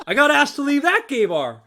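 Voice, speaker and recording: Lively high-voiced man telling stories. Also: brisk, a little hiss or hum. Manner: rowdy, acts out dialogue in voices. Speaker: podcast co-host. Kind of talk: casual storytelling chat.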